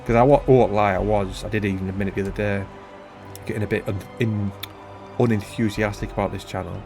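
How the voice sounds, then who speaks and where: A rambling, self-deprecating British man in his thirties talks casually over his gameplay, his voice sitting a little low. He drifts from the game into everyday stories in a loose, chatty flow. Faint game music runs underneath. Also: steady tone, fast talker, a little mellow. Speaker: gaming channel host.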